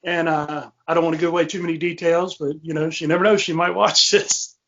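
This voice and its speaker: A man's voice: fairly high pitch, flat delivery, fairly quick, a bit bright. A man hosting a podcast, telling a ghost story in a rambling way with lots of fillers and restarts. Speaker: podcast host. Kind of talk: casual storytelling. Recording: muffled lo-fi podcast audio.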